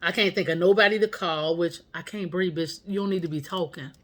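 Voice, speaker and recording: A woman's voice: fairly low pitch, brisk. A woman vlogger telling a story at home, candid and profane in a casual, chatty way.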